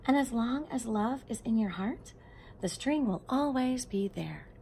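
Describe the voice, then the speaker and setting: A woman reading a storybook aloud and then talking tenderly to her grieving nephews, often dropping into a soft whisper. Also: on the high side, animated, measured pace, gravelly, a little hiss or hum. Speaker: aunt speaking to grieving nephews.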